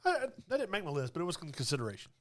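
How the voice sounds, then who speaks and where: Bright-voiced man in casual chat. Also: fairly high pitch, huge pitch swings, rapid-fire. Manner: easygoing, lots of "like" and "yeah". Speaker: podcast co-host.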